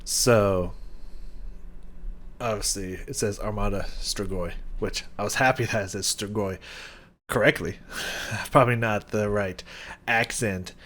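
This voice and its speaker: A man hosting a music reaction, talking casually with excited, rambling enthusiasm and lots of restarts. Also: fairly low pitch, a little slow, pauses often, background noise. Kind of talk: casual reaction and song analysis.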